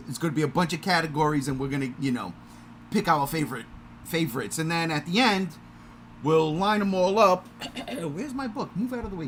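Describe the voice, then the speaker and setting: A man hosting a podcast livestream in a casual, energetic, self-mocking way. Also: on the high side, a little hiss or hum. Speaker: podcast host.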